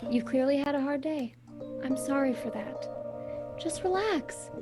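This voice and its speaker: A young wife in an audio drama, cool and evasive,. Her voice sits high, with clear music running underneath. She talks plainly. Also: a little slow. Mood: calm. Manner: plain, then frantic and insistent. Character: young wife, secretive then panicked.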